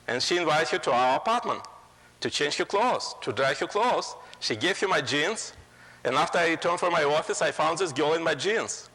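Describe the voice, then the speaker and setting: A man's voice: on the high side, sharp tone. Russian-accented man in an echoing hall. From Russia (Moscow). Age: 40s. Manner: plain, broken English with playful jokes. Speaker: guest speaker. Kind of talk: humorous lecture. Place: college lecture hall. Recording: long reverb of a lecture hall.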